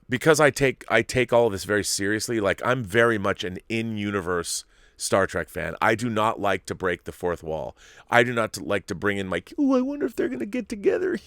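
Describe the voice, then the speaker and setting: A man's voice: medium pitch, fairly bright tone, clear, resonant tone, no echo, studio quality. A man hosting a commentary show, ranting emphatically and animatedly about a series he dislikes. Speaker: host. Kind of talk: opinionated commentary.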